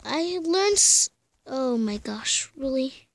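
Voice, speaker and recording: High-voiced young woman, hushed and scared. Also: lively intonation, slow. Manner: scared, pleading, often dropping to a whisper. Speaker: gamer. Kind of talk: horror game commentary. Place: bedroom at home.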